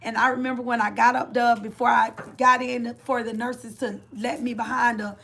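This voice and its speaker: A woman's voice: a little high, flat delivery, moderate pace, creaky, fairly bright tone, husky. A middle-aged woman giving a heartfelt personal testimony of faith, repeating and restarting her phrases as she speaks. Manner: heartfelt, repetitive, restarts phrases, Southern Black church cadence of faith talk. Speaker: mother sharing a testimony.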